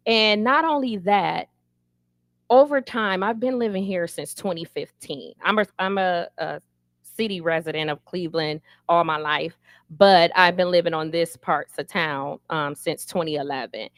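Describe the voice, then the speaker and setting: A woman's voice: fairly low pitch, fairly bright tone, dry recording, clean studio sound. Council candidate, woman, middle-aged, candid and emphatic. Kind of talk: interview answers.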